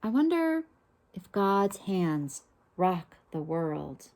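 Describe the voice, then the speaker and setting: Slow, gentle woman reading a storybook. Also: lowish voice, big pitch swings. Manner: gentle, unhurried, pauses to ask listeners questions. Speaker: storybook reader. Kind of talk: reading a children's picture book aloud.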